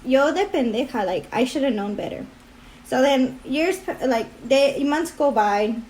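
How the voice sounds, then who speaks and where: A woman's voice: high-pitched, lively intonation, measured pace, a little mellow. A young woman vlogging her story in a rambling, filler-heavy way, tearful and crying as she talks. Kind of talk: casual confessional vlog.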